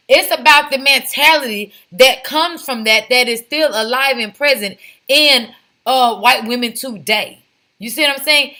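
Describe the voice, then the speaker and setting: A woman's voice: high-pitched, unhurried, bright, forceful tone. A woman giving opinionated vlog commentary, talking emphatically and firing off rhetorical questions. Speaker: commentary vlogger. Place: home, lives in Texas.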